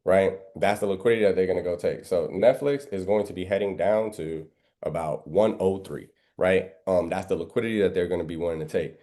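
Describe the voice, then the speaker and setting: A deep, dark-toned male voice moves briskly through a live trading lesson shared on screen. The instructor preaches emphatically, throwing out rhetorical questions and biblical references and asking "right?" again and again.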